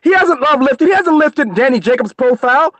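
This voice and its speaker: With an extremely high, fairly bright and expressive voice, an American man rants briskly and angrily on a boxing live stream he co-hosts. He curses constantly, and the recording has no room sound.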